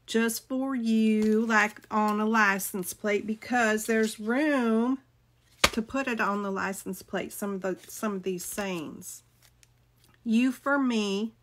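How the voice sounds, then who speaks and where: A woman's voice: mid-range voice, steady tone, takes it slowly. A middle-aged woman, chatting casually with viewers as she shows off a craft haul, gushing and greeting people by name. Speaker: crafting video host.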